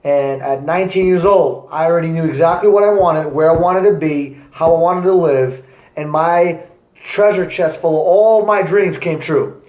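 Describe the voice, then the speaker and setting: A young man, an entrepreneur, giving an energetic motivational talk to camera with repetitive, punchy phrasing. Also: a little high, moderate pace. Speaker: entrepreneur vlogger. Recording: echoey room.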